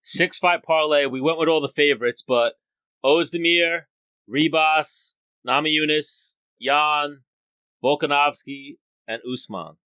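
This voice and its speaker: A man's voice: a little high, unhurried, clean tone, no room sound, low-quality recording. A man co-hosting a podcast over a video call, casually going through picks and fighter records. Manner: relaxed, reads out picks and stats. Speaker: podcast co-host. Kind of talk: casual chat.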